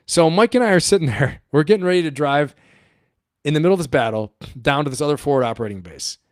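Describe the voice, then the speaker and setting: A man's voice: a little high, animated, fast, dry recording, studio quality. A middle-aged man hosting a livestream, telling a story in a rambling, profane way and laughing often. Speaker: livestream host and coach.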